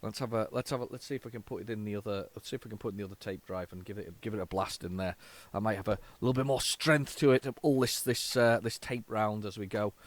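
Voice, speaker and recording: A man hosting a casual retro-computing video, chatting in an excitable, rambling and self-mocking way. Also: fairly low pitch, fast talker, few pauses, no echo. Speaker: host.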